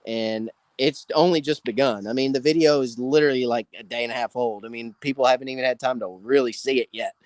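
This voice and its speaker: A man's voice: medium pitch, fairly even intonation, fast, hardly any pauses, darkish tone, dry recording. A man hosting a casual live fishing Q&A, greeting viewers by name. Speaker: fishing channel host. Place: outdoors by a campfire.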